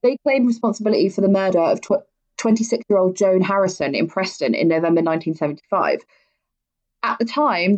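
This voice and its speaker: A woman's voice: medium pitch, darkish tone. A woman hosting a podcast, telling true-crime stories in a casual, blunt way and swearing freely. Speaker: podcast host. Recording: dull lo-fi audio.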